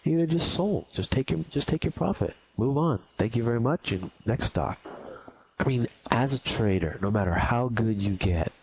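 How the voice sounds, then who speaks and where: This trading instructor speaks at normal speed in a mid-range, slightly mellow voice with lively intonation. Blunt and emphatic, he repeats his points to drive them in and imitates anxious beginners in mock quotes during the recorded lesson. Slight background noise can be heard.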